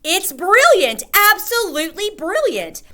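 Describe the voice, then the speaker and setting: A woman's voice: medium pitch, lively intonation, moderate pace, bright, forceful tone. A woman voicing a bold, spirited old grandmother in a children's book read-aloud, emphatic and exclamatory. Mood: thrilled.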